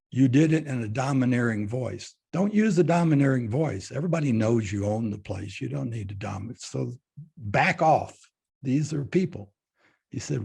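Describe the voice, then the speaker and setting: Speaking at medium pitch, this older Fort Worth man has a gravelly, slightly mellow and slightly rough voice. He is a guest in an interview, bluntly telling a story and voicing both people in the exchange.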